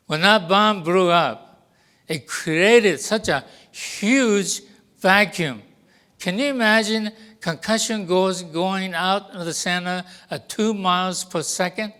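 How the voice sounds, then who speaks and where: Slow, clear older man. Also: sits high, pushed and bright. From Japan. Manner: deliberate, acts out quoted dialogue. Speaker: guest speaker. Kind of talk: personal storytelling to an audience.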